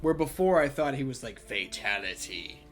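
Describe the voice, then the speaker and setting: A man's voice: a little high, lively intonation, normal speed, soft background music. Tired man rambling over gameplay. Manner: rambling, profane, laughing asides. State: tired, late at night. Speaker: let's play gamer. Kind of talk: casual gameplay commentary.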